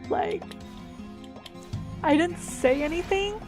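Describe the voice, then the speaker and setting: A woman streamer telling a personal story with emotional swings, many fillers and restarts, and sudden loud moments. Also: very high-pitched, very animated, extremely slow, pauses often, soft background music.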